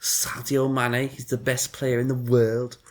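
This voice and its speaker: A man putting on a cocky Liverpool bloke, with a squeaky, tensed-up Scouse accent. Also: completely flat delivery, a little slow, lightly acted. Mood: mock-serious.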